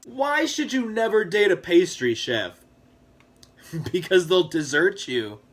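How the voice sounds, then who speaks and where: Give me a man cracking puns with a lively, up-and-down delivery. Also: sits high. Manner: quick one-liners and puns, laughs at own jokes. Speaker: comedy video creator. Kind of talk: joke-telling compilation.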